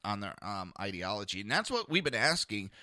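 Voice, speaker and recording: A man hosting a political talk podcast rants bluntly and sarcastically, swearing a lot as he talks to listeners in a live chat. His lowish voice is very animated, brisk, bright and forceful, and the recording is dry and studio quality.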